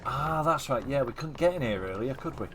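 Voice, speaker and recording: A man with a Mancunian accent giving relaxed, rambling commentary while streaming a video game, his voice a little tired. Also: mid-range voice, brisk, heavy background noise. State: slightly tired voice. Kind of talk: casual gameplay commentary.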